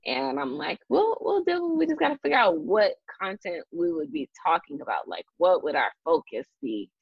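Her voice is deep, husky and very animated, moving at normal speed, as this young woman hosts a laid-back podcast conversation. She rambles, restarts and fills gaps constantly, laughing a lot, over a dull lo-fi recording without echo.

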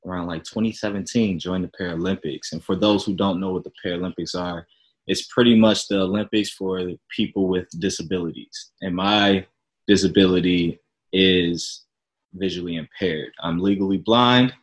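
A young man from Chicago, a podcast guest, telling his story in a relaxed, chatty, self-deprecating way. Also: deep voice, moderate pace, poor audio. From Chicago, Illinois. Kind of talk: casual interview storytelling.

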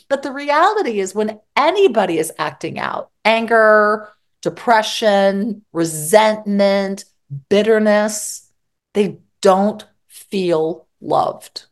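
A woman's voice: mid-range voice, expressive, slow. A middle-aged woman therapist giving candid, mildly profane relationship advice in conversation, often acting out both sides of an argument. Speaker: psychologist and therapist guest.

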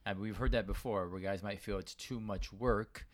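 Man, podcast co-host, low voice, chatty with fillers and restarts. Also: steady tone, moderate pace. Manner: conversational, frequent fillers and restarts. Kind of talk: casual chat.

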